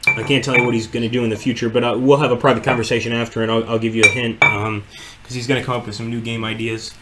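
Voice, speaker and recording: A man's voice: medium pitch, level tone, rapid-fire, very noisy. Rambling, swearing male streamer. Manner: rambling, profane, lots of fillers. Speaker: livestream host. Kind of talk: casual chat.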